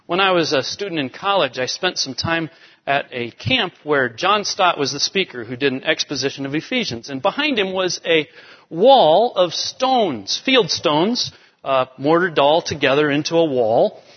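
This pastor's expository sermon works through scripture and rises to emphatic points, delivered in a sing-song, slightly high voice at normal speed. It was recorded in a church sanctuary, with a dull sound and long hall reverb.

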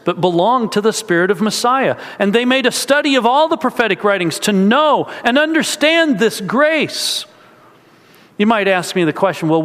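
The preacher's voice sits high with a fairly bright tone. This pastor tells stories earnestly during his sermon and makes casual asides to the congregation, all captured in an echoey hall.

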